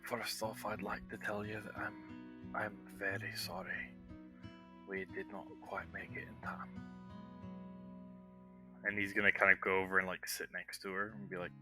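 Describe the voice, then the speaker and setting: A man playing a tabletop role-playing game, speaking softly and solemnly in character. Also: low-pitched, level tone, normal speed, pauses often. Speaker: player. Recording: music playing behind.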